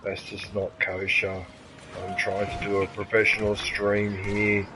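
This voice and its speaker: A man with an Australian accent chatting casually and excitably while streaming a game, rambling and swearing now and then. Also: on the low side, measured pace, music in the background, low-quality recording. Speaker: gaming streamer.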